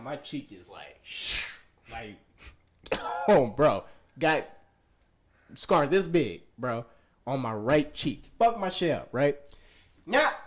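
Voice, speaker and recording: A young man in his twenties, co-hosting a podcast, telling a story in casual, profane slang and laughing often. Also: fairly high pitch. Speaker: podcast co-host.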